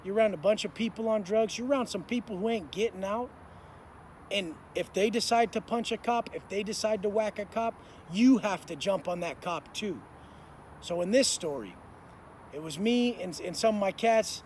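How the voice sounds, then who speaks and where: A man's voice: high-pitched, moderate pace, darkish tone, slight background noise. A man telling a story in an intense, profane way, full of street slang. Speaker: motivational speaker. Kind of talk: storytelling monologue.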